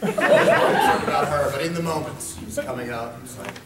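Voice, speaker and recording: Animated joking man in an echoey hall. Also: on the high side, normal speed. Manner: animated, joking, laughs a lot, swears. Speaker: voice actor, convention panel guest. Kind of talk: casual panel Q&A. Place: large convention hall. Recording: echoey hall, distant mic, loud crowd noise.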